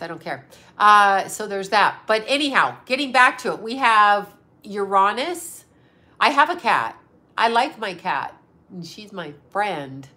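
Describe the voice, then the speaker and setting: A woman's voice: mid-range voice, bright, forceful tone. A middle-aged woman hosting a casual livestream chat as a psychic medium, blunt and sarcastic, swearing freely. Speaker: psychic medium and astrologer host.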